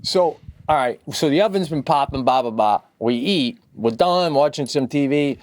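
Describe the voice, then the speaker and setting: A man spinning a rambling, profane story in casual conversation, his mid-pitched voice shooting way up whenever he gets excited. The sound is close and dry, with no room around it. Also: moderate pace, no room sound. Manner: climbs far higher in pitch when worked up. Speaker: father.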